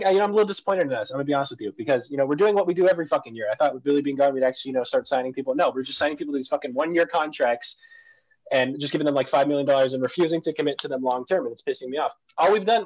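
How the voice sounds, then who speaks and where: Brief: male co-host, higher voice, quick blunt rants, dull lo-fi call sound. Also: a little mellow, no room sound. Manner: blunt, profane ranting. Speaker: podcast co-host. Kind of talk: casual sports chat.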